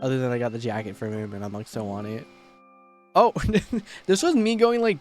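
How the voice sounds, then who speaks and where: A young man streaming a casual recap, animated and often laughing and swearing. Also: medium pitch, normal speed, faint music behind.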